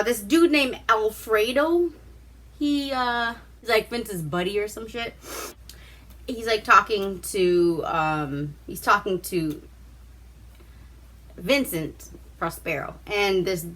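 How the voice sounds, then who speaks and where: A woman's voice: mid-range voice, takes it slowly, long pauses, a bit bright. A woman hosting a casual vlog, recapping a movie in a chatty, profane way. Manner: profane, chatty, acts out quotes. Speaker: vlog host reviewing a movie.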